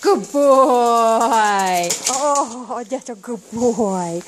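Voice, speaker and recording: A woman with a high voice talks to her dog in sing-song baby talk, coaxing it again and again. She speaks at an unhurried pace. Steady noise from a home recording sits behind her voice. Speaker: dog owner filming her dog. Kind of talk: casual video talking to a pet. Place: outdoor dog kennel.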